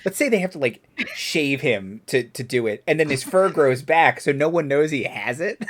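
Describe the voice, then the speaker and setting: Male player, bright tone, lively swinging pitch, rambling joker; casual chat. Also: moderate pace, slight background noise. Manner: joking, rambling.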